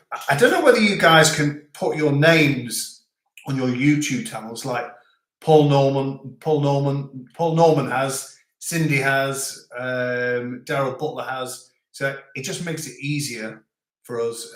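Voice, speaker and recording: Male live-chat host, medium pitch, chatty and joking, echoey home room. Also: measured pace. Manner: chatty, rambling, joking, many restarts. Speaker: livestream host. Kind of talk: casual live chat reading viewer comments.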